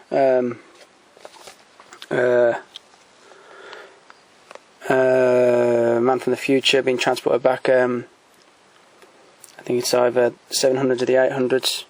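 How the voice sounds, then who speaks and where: At home beside a shelf, a collector shows off his DVDs in casual, off-the-cuff commentary, speaking at an ordinary middle pitch. He thinks aloud, hesitating with many ums and restarts, yet recommends titles enthusiastically, all on a rough recording.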